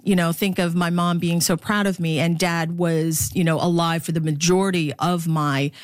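A woman sportscaster born in the Philippines talking in an interview, animated and laughing often, with lively voices for the people in her stories. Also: fairly low pitch, normal speed, dry recording, studio quality. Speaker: sportscaster guest. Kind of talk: interview conversation.

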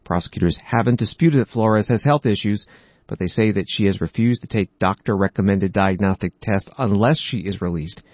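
A low-voiced man reads news reports in an even, matter-of-fact way. His voice sounds close and dry, with no room around it, and the audio is a little dull. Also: moderate pace, dry recording. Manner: steady, matter-of-fact delivery. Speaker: news commentator.

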